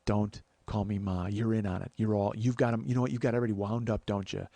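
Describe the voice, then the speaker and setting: Brief: paranoid elderly mother, low and accusing, gravelly edge, put on by a man telling a story. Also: steady tone, fast talker, warm tone, dry recording. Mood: paranoid, hostile.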